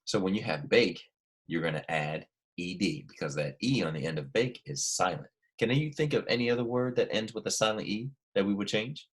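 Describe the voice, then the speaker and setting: A man teaches a recorded language lesson, patiently explaining things step by step and asking his students questions. He dictates slowly and carefully, repeating each word. His voice is fairly low and expressive.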